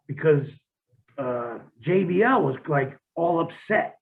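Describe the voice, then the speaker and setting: A man's voice: on the high side, animated, measured pace. A man, a former pro wrestler, telling profane stories in a casual interview and acting out what others said. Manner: profane, vivid storyteller who acts out quotes. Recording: tinny phone-like line.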